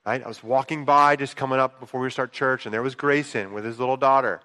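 Male pastor, casual storytelling sermon, bright forceful voice, big reverberant church room. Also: mid-range voice, fast. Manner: conversational storytelling, swings between hushed asides and excited outbursts. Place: church sanctuary. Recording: long reverb of a large hall.

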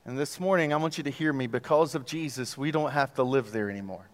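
A man's voice: mid-range voice, quick pace, long reverb tail. A man in his thirties preaching a sermon as a guest pastor, telling a story with joking asides in a church auditorium.

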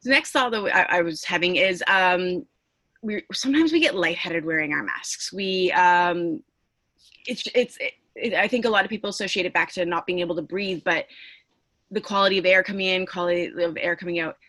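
A woman's voice: on the low side, a little fast, sharp tone. A woman, a teacher, asking questions in a casual discussion, often hesitating and restarting.

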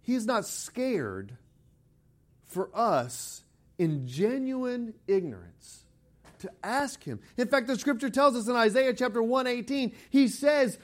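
A man's voice: very high voice, animated, measured pace. A middle-aged man preaching a sermon, conversational and rising to emphatic quotes of scripture. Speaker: pastor.

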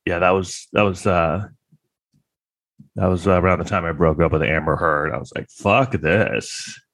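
Low-voiced man with a crude, rambling, sarcastic delivery. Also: flat delivery, normal speed, fairly bright tone, dry recording. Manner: crude, rambling, sarcastic, many fillers and restarts. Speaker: comedian. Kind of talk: comedic monologue.

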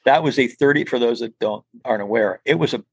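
A man's voice: mid-range voice, fast talker, slightly rough, no echo. An older man, a podcast guest, telling stories in a rambling, casual way full of restarts and asides. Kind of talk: casual storytelling interview.

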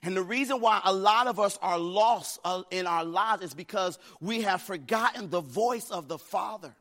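Middle-aged American man, pastor, sermon, chatty storytelling that rises to fervor, fairly high voice. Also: moderate pace, a bit bright. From United States. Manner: conversational storytelling building to preaching fervor.

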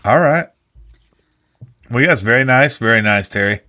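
Bright-voiced teasing male host. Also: mid-range voice, lively intonation, normal speed. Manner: dry, teasing questioner. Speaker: podcast host. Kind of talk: casual chat.

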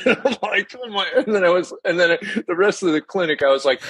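A man's voice: high voice, lively intonation, fairly quick, a bit bright, breathy edge. A middle-aged man, a guest drummer in a casual interview, telling candid stories with frequent laughs. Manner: candid storyteller, laughs often, acts out quotes.

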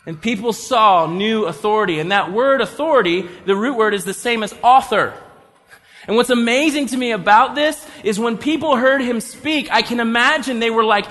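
A man preaching a sermon in an animated way, acting out the people in his story. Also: very high-pitched, normal speed. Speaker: pastor. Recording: long hall reverb.

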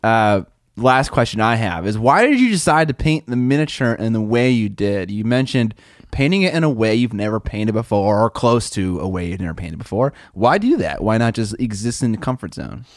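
Male podcast host, lowish voice with a lively swing, quick reactions, curious questions, dry sound. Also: no room sound. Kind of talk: casual interview chat.

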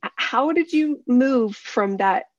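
Woman host, conversational interviewer, slightly raised pitch, dry remote line, supportive and probing. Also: expressive, takes it slowly, no room sound. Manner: probing, rephrases questions, supportive. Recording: dull distant remote audio.

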